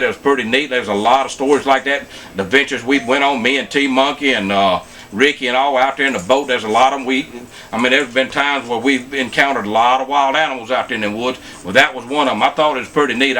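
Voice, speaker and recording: Fast-talking, bright-voiced man. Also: mid-range voice, slight background noise. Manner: folksy, repeats "man" and "I tell you what". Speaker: show regular telling a story. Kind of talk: casual storytelling.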